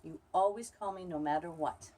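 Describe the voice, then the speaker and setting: A woman with a notably low voice speaks warmly and emphatically to a close friend. She builds her points through repeated phrases. A faint background hum sits behind her. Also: a little fast. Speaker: close friend giving a video message. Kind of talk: heartfelt congratulatory speech.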